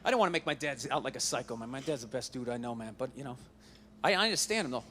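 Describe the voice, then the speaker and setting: A man's voice: mid-range voice, animated, rapid-fire, fairly bright tone, in a large hall, slight background noise. A man doing a stand-up routine on a comedy stage, with a profane, ranting delivery into a handheld mic.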